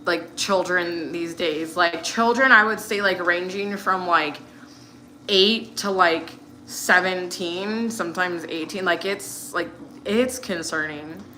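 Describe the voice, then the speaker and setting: A woman's voice: on the low side, takes it slowly, bright, forceful tone, slight background noise. Chatty American woman vlogging. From United States. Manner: rambling, many fillers and "like". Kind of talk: casual chat while cooking.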